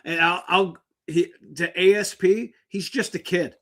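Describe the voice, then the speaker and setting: A man co-hosts a sports talk show, talking bluntly and rapidly and letting the swearing fly. His voice sits a little high and sounds bright and forceful. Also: fairly even intonation.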